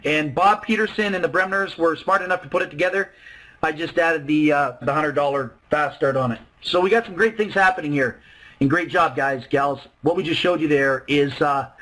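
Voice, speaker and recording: High-voiced man giving an excited sales pitch. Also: moderate pace, low-quality recording. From Canada. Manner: excited, emphatic, acts out both sides of dialogues. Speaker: network marketing presenter on a webinar. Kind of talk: animated sales pitch to a webinar.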